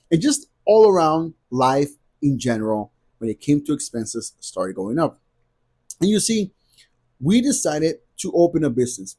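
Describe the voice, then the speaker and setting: A man's voice: mid-range voice, dark tone, breathy edge. A man in his thirties talking to camera in a casual vlog, emphatic and repetitive as he rants. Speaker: vlogger.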